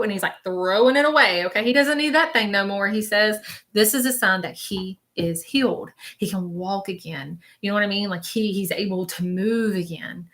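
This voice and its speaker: Woman doing a psychic reading live, bright voice, repeats stuff, says okay a lot. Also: mid-range voice, fairly quick. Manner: chatty, repeats phrases, relays messages as quotes; reassuring, keeps checking in with "okay?". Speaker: spiritual medium hosting a live stream.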